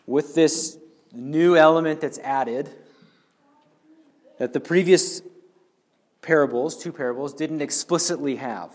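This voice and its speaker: A man preaching a sermon, earnestly explaining and speaking directly to the congregation. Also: medium pitch.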